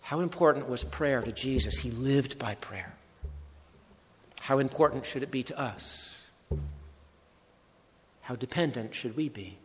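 A man preaching a sermon, with measured, emphatic phrasing and short repeated phrases. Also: mid-range voice. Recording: long hall reverb.

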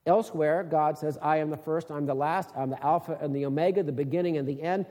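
A man with a slightly high, dark-toned voice delivers a fast sermon-style Bible teaching with fairly even intonation. He reads scripture aloud, then explains it with rising, emphatic questions, heard through the long reverb of a hall.

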